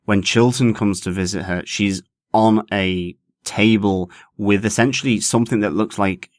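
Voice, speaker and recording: A man co-hosting a podcast about a TV series, talking in a measured way and stretching key words. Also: on the low side, steady tone, dry recording, clean studio sound. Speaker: podcast co-host. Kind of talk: casual TV review chat.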